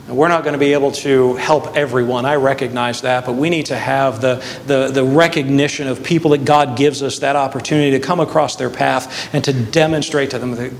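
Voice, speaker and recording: A man preaching a sermon as pastor, driving his points home with emphatic, rising stresses. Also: medium pitch. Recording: long hall reverb, faint room noise.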